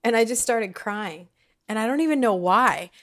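A woman's voice: on the high side, expressive, normal speed. Woman vlogger, casual heartfelt reflection to camera at home, rambly and sincere. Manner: warm, chatty, rambling with fillers. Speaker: vlogger sharing personal reflections. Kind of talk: casual heartfelt talk to viewers. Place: home, kitchen or dining table.

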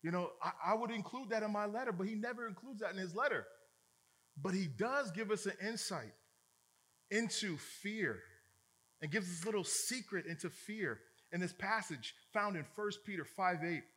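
A male pastor preaching a sermon in a joking, colloquial, energetic way. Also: high voice, normal speed, husky.

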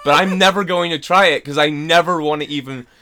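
A man's voice: on the high side, brisk, pushed and bright. A young man, an actor, chatting as a guest on a podcast, rambling, restarting his sentences and laughing as he tells stories. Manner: rambling, laughing, self-interrupting storyteller. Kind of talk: casual podcast chat.

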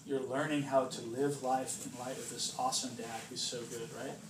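A man preaches informally to a small group, chatty and playful, acting out voices and asking "right?" a lot. His mid-range voice shows little pitch movement and keeps a moderate pace, captured in a roomy, distant recording with background noise.

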